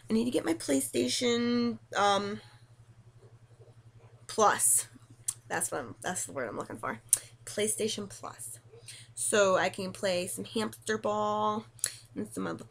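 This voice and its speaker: Young woman, husky voice, chatty and animated gaming vlog rant, breaks into high excited quotes. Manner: animated, laughing, swearing, jumps to squealed quotes. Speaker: gaming vlogger. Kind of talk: casual rant to camera.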